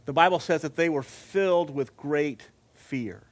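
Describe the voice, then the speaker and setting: Man, middle-aged, sermon, slightly high pitch, emphatic, repeats phrases, slow on quotes. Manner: slows down to stress scripture quotes. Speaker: preacher.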